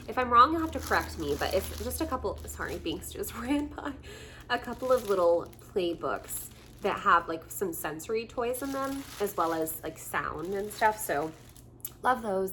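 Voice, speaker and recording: A bubbly woman vlogger gushes over the things she unboxes at home, her voice swinging high and low as she talks. She laughs often and chats along with plenty of asides, while a faint hiss sits under her voice. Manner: gushing and excited, laughs often; chatty with frequent fillers. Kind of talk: casual chat, unboxing gifts.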